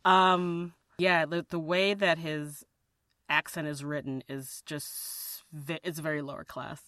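A woman co-hosts a podcast in a low voice, recorded dry with no room sound around her. She talks hesitantly, restarting sentences and padding them with fillers, and breaks into small laughs. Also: level tone, slow pace, a bit bright, no room sound. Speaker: podcast co-host. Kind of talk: casual chat.

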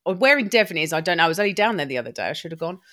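A woman's voice: fairly low pitch, sing-song, a bit bright. Bubbly woman guest. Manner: bubbly, talks in quick bursts. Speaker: guest, upcycling business owner. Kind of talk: chatty podcast interview.

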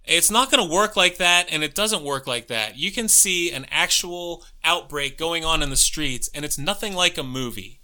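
A man with a Youngstown, Ohio accent, co-hosting a casual chat, heated and profane, telling stories and mimicking himself shouting. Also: fairly high pitch, lively intonation, moderate pace, hardly any pauses. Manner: heated, profane, storytelling with loud put-on shouting.

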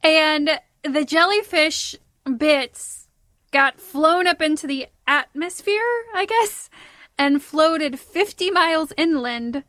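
A woman's voice: sits high, slow, a bit bright, dry recording. A young woman with a light Texan accent, chatting and telling a story on a podcast with lots of "like" fillers and giggles. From Texas. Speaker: podcast co-host. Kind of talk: casual chat.

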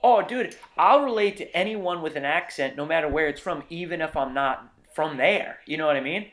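A man with a slightly higher voice, chatting casually and dropping wry jokes and quick asides. He sounds playful and conversational as he riffs on a topic. It is a relaxed podcast-style talk. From Boston area. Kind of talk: casual chat.

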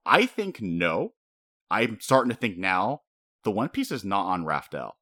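A man co-hosting a casual podcast, talking fast and animated, laughing often and breaking into high-pitched impressions. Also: no room sound, studio quality. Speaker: podcast co-host. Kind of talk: casual chat.

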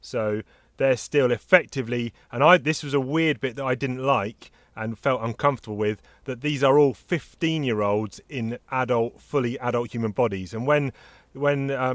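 A man's voice: medium pitch, normal speed. A man in a casual film-review conversation, chiming in often and reading his notes. He has a mid-range voice, and the sound is dry with no room echo. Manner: chatty, agreeing fillers, reads out notes. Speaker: podcast co-host reviewing films.

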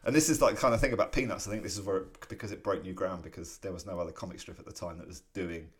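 This is a man with a very low, deep voice, talking in a relaxed podcast chat. He retells comic strips panel by panel, with animated delivery and bursts of laughter. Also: racing. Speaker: podcast co-host.

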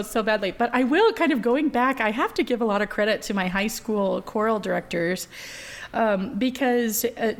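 A woman in her thirties, a voice professor being interviewed, talking chattily with many fillers and easy laughter. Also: fairly high pitch. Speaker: voice professor, guest. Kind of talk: conversational interview.

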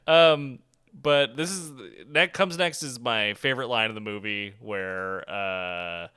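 A man co-hosting a casual movie review podcast, animated and laughing often as he talks. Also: mid-range voice, slow, smooth. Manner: animated, laughs often, bursts into shouted impressions of movie lines. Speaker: podcast co-host.

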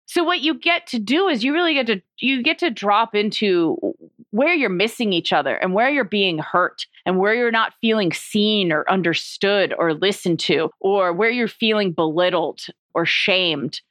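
A woman's voice: medium pitch, lively intonation, normal speed, fairly bright tone, no echo. Woman guest expert, casual and talkative, laughs easily, mid-range voice, dry sound. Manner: chatty, peppered with "like", laughs easily. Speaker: sexologist guest. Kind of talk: casual interview, explaining.

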